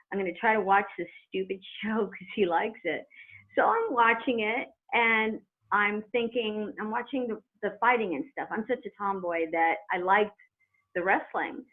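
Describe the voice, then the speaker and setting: Animated middle-aged female guest, laughing storyteller, tinny phone sound. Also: mid-range voice, moderate pace. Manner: chatty, animated storyteller who laughs as she talks. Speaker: guest, former wrestler. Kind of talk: telling a story in an interview.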